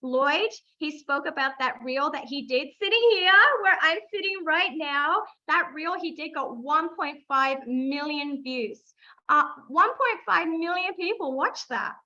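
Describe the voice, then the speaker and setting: A high, bright-toned Australian woman teaches a live online masterclass as a social media coach. She is eager, hammers key phrases by repeating them, and keeps calling on the chat. Her voice comes through slightly dull, lo-fi livestream audio. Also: lively intonation, measured pace.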